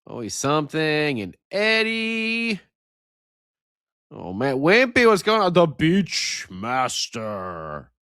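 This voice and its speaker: Brief: unhurried man, co-host of a live hockey-fan podcast, joking and chatty, lively swings in pitch, dry close mic. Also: clean tone, no room sound. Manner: laid-back, joking, greets chat viewers by name. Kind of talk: late-night live sports podcast chat.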